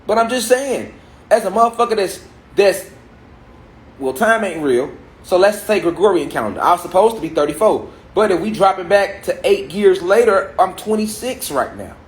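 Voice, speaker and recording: A man's voice: high voice, lively intonation, normal speed, reverberant. A man in his thirties with an African American Vernacular English accent, lecturing a gathered audience on spirituality and driving his points home with rhetorical questions and repetition. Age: 30s. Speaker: speaker addressing a gathered audience. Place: large room with an audience.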